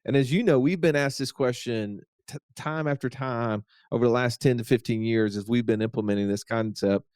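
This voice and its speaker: A man's voice: medium pitch, fairly quick, darkish tone, clear, resonant tone, no echo, clean studio sound. A man hosting a podcast, introducing the episode in an upbeat, teasing, easygoing way. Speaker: podcast host. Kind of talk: casual podcast chat.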